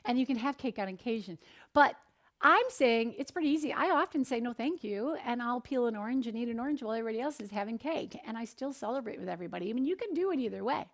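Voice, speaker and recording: A middle-aged woman nutritionist giving an animated, encouraging talk, sharing stories from her counseling work. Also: on the high side, fast talker.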